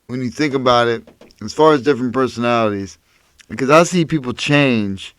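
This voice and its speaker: A man's voice: mid-range voice, brisk, a bit bright, no room sound. A man co-hosting a podcast in casual chat, full of profane, joking banter. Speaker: podcast co-host.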